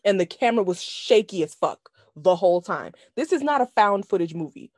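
A woman's voice: mid-range voice, animated, a little fast, no room sound, studio quality. A woman co-hosting a casual chat, blunt and profane, laughing often as she talks. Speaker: podcast co-host reviewing a film.

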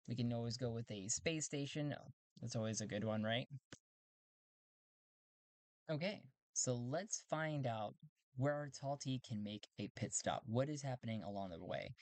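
A man's voice: mid-range voice, a little mellow, no echo. Rambling man narrating a solo tabletop game. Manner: rambling, self-correcting, chuckling. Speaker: solo game master and player.

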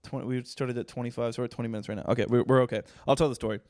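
A man co-hosting a podcast, telling stories in casual chat, swearing often and getting animated. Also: medium pitch, rapid-fire, no room sound, clean studio sound. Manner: profane, animated storytelling. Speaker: podcast co-host.

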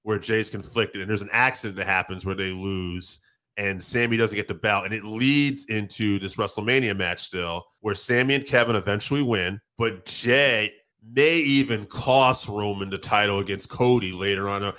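A man co-hosting a casual wrestling talk show, excitedly recapping a match and swearing freely. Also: lowish voice. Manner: excited, quick storytelling with acted quotes and profanity.

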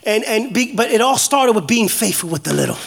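A pastor in his forties preaches in a high, bright-pitched voice. He jokes with the congregation and shouts his declarations with energy. He is from New York. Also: fairly quick, gravelly, a little hiss or hum. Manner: animated, joking, shouting declarations. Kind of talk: energetic sermon.

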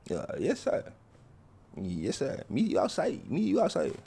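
A man's voice: medium pitch, wildly swooping pitch, a little slow, vocal fry, dark tone, slightly rough, exaggerated voice. A man voicing a timid, overly polite man who speaks with stiff formality in a comedy skit. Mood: meek. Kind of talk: comedy skit with character voices.

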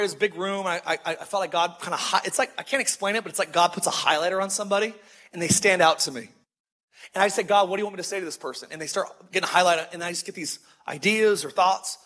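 A male preacher with a high, bright voice and a husky edge. He tells stories casually and slows down hard on the lines he wants to land. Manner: conversational storytelling with emphatic slowed phrases. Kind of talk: sermon.

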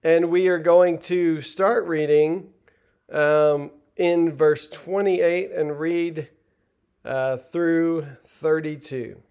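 A man's voice: fairly high pitch, fairly even intonation, drawn-out words, darkish tone, smooth. A middle-aged man preaching a sermon in an earnest, conversational way, retelling the text and stumbling over restarts now and then.

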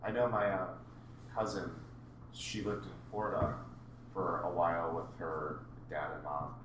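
A man's voice: low-pitched, flat delivery, unhurried, distant mic. A man telling an easygoing story in casual podcast chat. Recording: echoey room, off-mic, audible hum.

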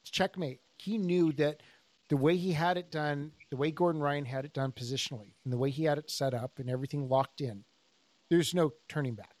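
A man co-hosting a podcast as a jiu-jitsu instructor, telling stories in a casual, animated way and acting out the people he quotes. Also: on the high side, a little fast. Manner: animated storyteller, acts out quoted dialogue.

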